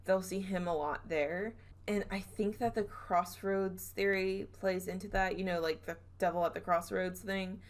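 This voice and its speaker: A woman's voice: mid-range voice, steady tone, moderate pace. A young woman from the southern United States, hosting a podcast and retelling a ghost story in casual chat, giggling and correcting herself as she goes. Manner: chatty, giggly, trails off and self-corrects. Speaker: podcast host.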